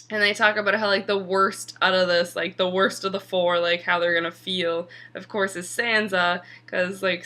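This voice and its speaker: A woman's voice: lowish voice, bright, forceful tone. A young woman casually recapping a TV episode, chatty and full of "like" fillers, sometimes swearing. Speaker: TV episode reviewer.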